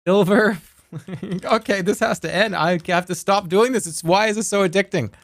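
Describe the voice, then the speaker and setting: A man's voice: high-pitched, normal speed, no echo. Playful male streamer, dry close sound. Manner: playful, rambling, reads viewer messages aloud. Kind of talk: live game stream commentary.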